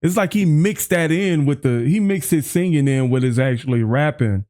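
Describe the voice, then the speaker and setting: A man hosting a music reaction video, chatting excitedly, often restarting his sentences and quoting lyrics back. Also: on the high side, normal speed. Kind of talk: casual reaction commentary.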